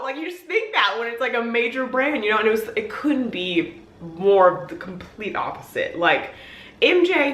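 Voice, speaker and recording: A young woman vlogger telling an excited story in casual chat, peppering her talk with "like". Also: on the high side, reverberant. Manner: gushing, excitable, heavy on "like". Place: hotel room.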